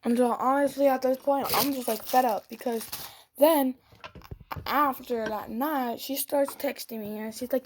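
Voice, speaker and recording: A woman's voice: high-pitched, steady tone, unhurried, a little hiss or hum. A teenage girl vlogger telling a storytime rant in a sassy, dramatic way, sometimes dropping into a whisper.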